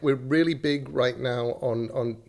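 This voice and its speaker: A middle-aged man talking at an easy middle pitch as a comedy guest. He rambles through his answers with dry, deadpan asides and soft chuckles. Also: measured pace, creaky. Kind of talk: improvised comedy chat.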